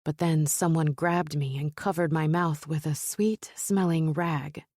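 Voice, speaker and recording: A woman narrating a romance novel in first person, in a measured, steady storytelling manner. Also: low-pitched, dry recording, clean studio sound. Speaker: audiobook narrator.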